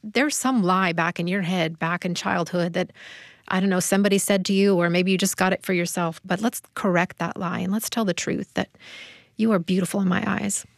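A woman's voice: fairly low pitch, fairly even intonation, brisk, vocal fry, dry recording, clean studio sound. A woman who is a guest on a marriage talk show, telling a personal story candidly with some hesitation. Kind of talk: casual conversation.

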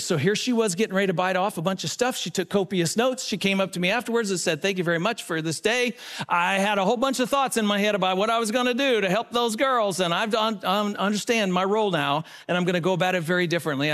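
A man speaking to a live audience at a seminar, telling stories earnestly. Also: a bit bright. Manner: storytelling, earnest, varies pitch widely.

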